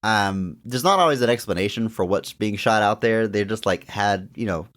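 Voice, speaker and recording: A man's voice: lowish voice, normal speed, fairly bright tone. A man co-hosting a podcast, chatting casually about an old comedy film and laughing often. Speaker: podcast co-host. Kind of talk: casual movie discussion.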